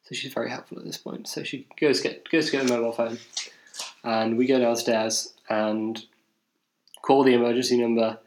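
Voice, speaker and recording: A young man from England tells a long story on a casual podcast. He rambles and mocks himself, with plenty of fillers, restarts and false starts. His voice sits at an ordinary middle pitch. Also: little pitch movement, normal speed, slight background noise, rough recording. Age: young adult. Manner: rambling, self-mocking, with many restarts and fillers. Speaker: podcast co-host.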